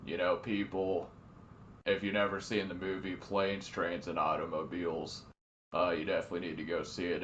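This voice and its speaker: Deep voiced guy cohosting a podcast, kinda muffled with faint hiss, chill and loose. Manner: relaxed, loose, lots of fillers. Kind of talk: casual podcast chat.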